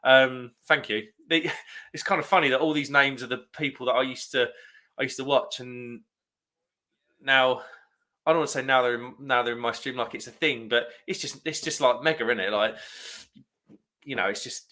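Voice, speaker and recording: A man's voice: medium pitch, normal speed, pushed and bright. A man hosting a casual beer-review live stream, chatting in a rambling way and reading viewer comments aloud.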